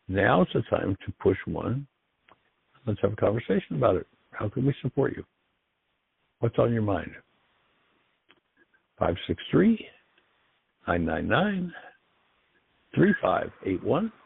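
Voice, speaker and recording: A low, gravelly man hosts a call-in radio show in an earnest, encouraging way. His voice is husky and reflective. The sound is thin and phone-like, with no room echo at all. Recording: dry, tinny phone-like line.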